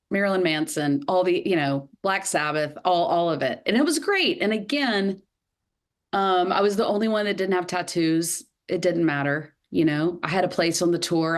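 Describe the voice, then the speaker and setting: Lively Southern woman telling stories. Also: lowish voice, moderate pace. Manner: lively storyteller, many fillers. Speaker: guest. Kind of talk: podcast interview.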